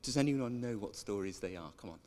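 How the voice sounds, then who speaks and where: A man's voice: lowish voice, animated, brisk, darkish tone. A man preaching a sermon in a chatty way, drawing in the congregation with questions. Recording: echoey church hall.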